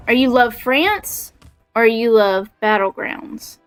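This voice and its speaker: A woman's voice: on the high side, lively intonation, takes it slowly, soft background music. A young woman from Alabama with a Southern accent, chatting in a bubbly, giggly way while she streams a game. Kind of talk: casual gaming livestream chat.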